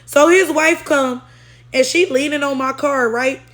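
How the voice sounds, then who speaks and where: A woman's voice: high voice, unhurried, fairly bright tone. A woman telling a story in a casual rant, blunt and heavily profane, often checking in with tag questions. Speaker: storytelling vlogger.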